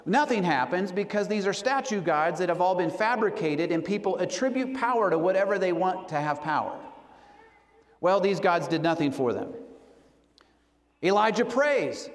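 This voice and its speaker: A man preaching a sermon, telling a story earnestly and slowing down for emphasis. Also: high voice. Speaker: pastor. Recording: long hall reverb.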